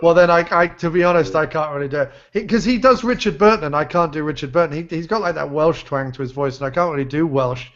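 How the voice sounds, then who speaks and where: A man's voice: on the high side, fast talker, few pauses, fairly bright tone. A man chatting casually as a podcast guest, rambling with lots of ums, swearing and laughing along. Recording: dull lo-fi sound.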